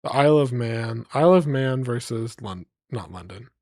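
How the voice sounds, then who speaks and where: Guy on a live stream chatting away, mid-pitched voice, dry close sound. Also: expressive, normal speed, a little mellow, no echo. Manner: rambling, playful, reading place names aloud to chat. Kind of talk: casual live-stream chat.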